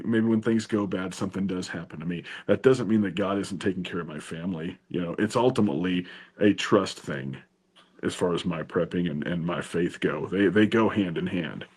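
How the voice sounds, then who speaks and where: A male guest in a casual conversation, talking in a relaxed, thoughtful way and often restarting his sentences. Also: deep voice, breathy edge.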